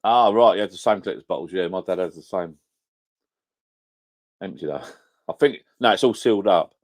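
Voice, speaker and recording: A man's voice: sits low, moderate pace. A middle-aged man chatting casually on a live stream, rambling and correcting himself. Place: at home by a whiskey shelf. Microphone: camera on a home setup.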